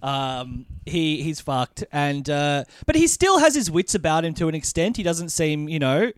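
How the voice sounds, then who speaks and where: A man's voice: a little high, very animated, a little slow, dry recording, clean studio sound. A man co-hosting a podcast, chatting casually, often agreeing with yeahs. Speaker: podcast co-host. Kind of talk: casual chat.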